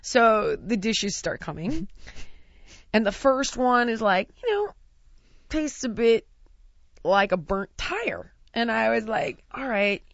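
An American woman telling a lively, laughing anecdote in casual chat. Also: a little high, takes it slowly, creaky, pauses often, no echo, highs cut off. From United States.

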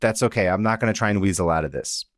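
A man voicing Jesus as resigned and steadfast, speaking in a calm, matter-of-fact way. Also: on the low side, very fast, no echo, clean studio sound, pitched below the performer's own voice, natural voice.

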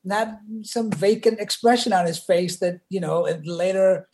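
A man telling a story as a podcast guest in a relaxed chat. He is animated and acts out the quoted lines with changing voices. He talks casually, with fillers, as he goes. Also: high voice, normal speed, slight background noise.

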